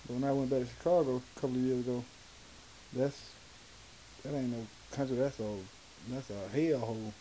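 A man from Atlanta with a Southern accent, telling stories in an interview in a halting, rambling way full of fillers. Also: medium pitch, steady tone, mellow, a little hiss or hum, rough recording. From Atlanta, Georgia. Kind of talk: casual storytelling in an interview.

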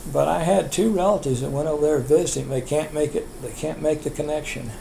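An older man spins a long family tale in a gravelly, rasping voice. He rambles and restarts and chuckles at his own asides. A faint hiss sits under the recording. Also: on the high side, fairly quick, mellow, low-quality recording. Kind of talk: oral history storytelling.

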